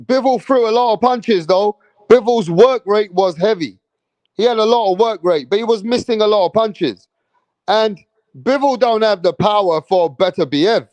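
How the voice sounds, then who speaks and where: Hyped, profane man with a high voice. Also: moderate pace, darkish tone, no room sound. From England. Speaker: boxing channel host. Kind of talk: live-stream boxing commentary.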